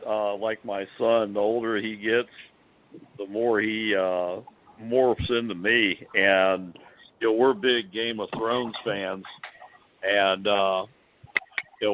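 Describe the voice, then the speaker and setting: A middle-aged man, a podcast co-host, talking in a laid-back, wry way in casual chat. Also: on the low side. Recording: tinny phone line with faint hiss.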